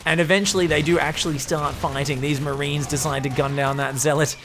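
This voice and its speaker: Brief: a joking, foul-mouthed male game caster with a bright tone. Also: a little high, flat delivery, fairly quick, a little hiss or hum. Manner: profane, joking, sarcastic. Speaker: game commentator. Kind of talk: comedic game commentary.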